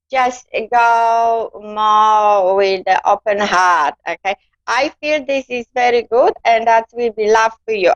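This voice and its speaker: A woman giving a gentle live-stream psychic reading, calling her listener darling. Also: fairly high pitch, dry recording. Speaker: psychic card reader. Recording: dull lo-fi dry sound.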